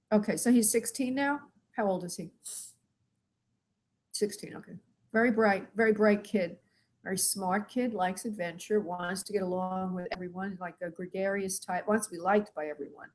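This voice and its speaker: A woman's voice: medium pitch, moderate pace, pauses often. A middle-aged woman, a spirit medium, gives live readings to callers, calling them sweetheart and honey and asking spirit yes-or-no questions. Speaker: spirit medium hosting a call-in show.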